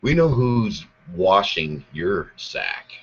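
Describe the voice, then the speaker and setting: Taking it slowly, a man with a low, breathy voice and big pitch swings hosts a show where he rants angrily and sarcastically about politics, swearing constantly. It's recorded in muffled lo-fi audio.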